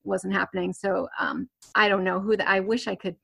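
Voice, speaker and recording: A woman's voice: mid-range voice, flat delivery, a little fast, vocal fry, bright, forceful tone. A woman guest telling a personal story in conversation, rambling with many fillers and restarts and nervous laughs. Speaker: interview guest.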